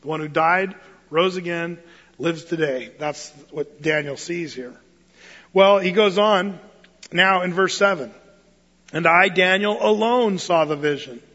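A man preaching a sermon as pastor, animated, acting out Bible quotes in playful voices. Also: sits high, a little slow. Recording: muffled sound with long hall reverb.

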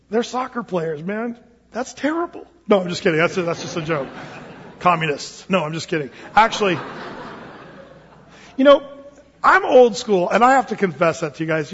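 A man's voice: high voice, husky. A middle-aged man preaching a sermon as pastor, conversational with joking asides. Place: church sanctuary. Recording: dull sound with long hall reverb.

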